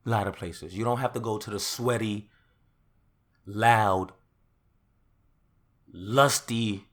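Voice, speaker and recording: A young man hosting his own podcast, ranting in a casual monologue that swings from loud outbursts to calmer talk. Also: fairly low pitch, takes it slowly. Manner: rants loudly, then calms down. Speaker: podcast host.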